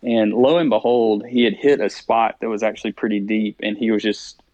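A man's voice: on the low side, fairly even intonation, fairly quick, darkish tone, no room sound, lo-fi sound. A man telling a story as a podcast guest. He laughs often and acts out his own thoughts as he speaks. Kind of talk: storytelling interview.

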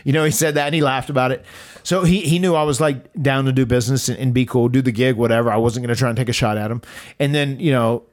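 A man hosting a podcast, telling a story in a loose, animated way and acting out quotes. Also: quick pace. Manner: animated, acts out quotes with rising pitch. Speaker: podcast host. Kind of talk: casual storytelling.

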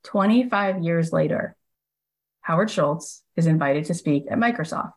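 A woman's voice: deep voice, measured pace, poor audio. A woman podcast host telling a story in a casual monologue, acting out the people she quotes, with lots of "like" and "he goes.". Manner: lively storyteller who acts out quoted speakers.

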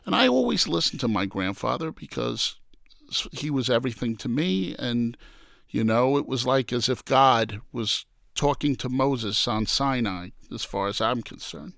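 Man from New York, gravelly lively storyteller, dry close sound. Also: medium pitch, normal speed, no echo. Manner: animated storyteller who acts out quoted voices. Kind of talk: casual storytelling interview.

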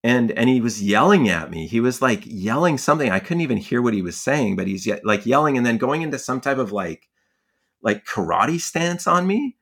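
A man's voice: mid-range voice, lively intonation, normal speed, fairly bright tone. A young man telling stories casually in a conversation, rambling with many filler words and frequent laughs. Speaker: guest, fly angler and magazine writer.

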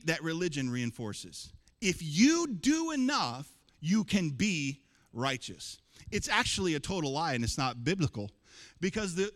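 Guy preaching, pretty high voice that swings all over, keeps getting the crowd to say stuff back. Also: fairly bright tone. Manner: emphatic, calls for congregation responses. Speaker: pastor. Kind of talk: sermon. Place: church hall. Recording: long hall reverb.

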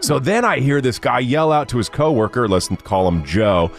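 A man's voice: medium pitch, normal speed, hardly any pauses, soft background music. A man co-hosting a radio show, telling a comic story with lots of energy and putting on voices. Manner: animated storyteller, shouts and mimics voices for laughs.

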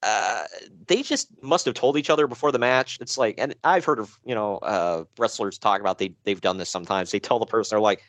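A man co-hosting a casual podcast chat, recapping wrestling shows in an animated, joking way with frequent laughs. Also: fairly quick, no room sound. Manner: animated, laughing, swearing, jumps in pitch.

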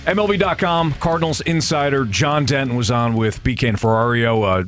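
A mid-pitched man hosting sports radio, trading quick banter with his co-host and moving briskly through time checks and sponsor reads. Faint music sits under his voice. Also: fairly bright tone. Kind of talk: casual sports talk and show reads.

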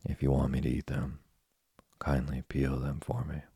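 A man's voice: very deep voice, completely flat delivery, normal speed, vocal fry, mellow, breathy edge, dry recording, full character voice. A man voicing a hungry, whiny wooden puppet boy in a storybook reading, complaining and petulant.

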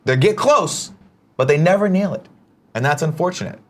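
A man's voice: fairly high pitch, expressive, moderate pace. A man hosting a morning show, chatting casually and animatedly, swearing freely. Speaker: show host. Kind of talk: casual chat.

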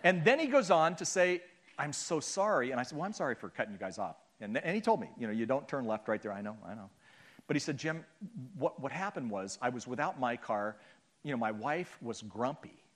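A man's voice: mid-range voice, big pitch swings, fairly quick. A middle-aged man speaking to a church audience, telling a humorous, self-deprecating story and acting out the people in it. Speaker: guest speaker and author. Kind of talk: storytelling sermon talk.

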